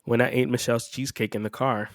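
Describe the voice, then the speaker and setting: A man's voice: mid-range voice, fairly even intonation, fast, dry recording. Flustered, joking man, dry close sound. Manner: flustered, jokey, repeats himself. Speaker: co-host. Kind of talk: casual podcast chat.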